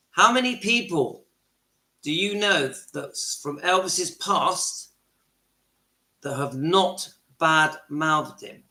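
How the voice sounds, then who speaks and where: This channel host, a middle-aged man, speaks with a bright, forceful voice on the high side. He's at home, in his kitchen and lounge, giving an impassioned monologue with repeated phrases for emphasis, and the room echoes.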